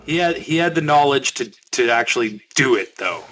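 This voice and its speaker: A man's voice: medium pitch, expressive, moderate pace, a bit bright. A man co-hosting a gaming podcast, speaking in a thoughtful, understated way in casual chat. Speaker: podcast co-host.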